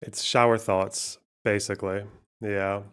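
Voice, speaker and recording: A man's voice: fairly low pitch, level tone, a little slow, a bit bright, smooth. A male streamer giving casual, sarcastic commentary, rambling, laughing and swearing. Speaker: streamer host.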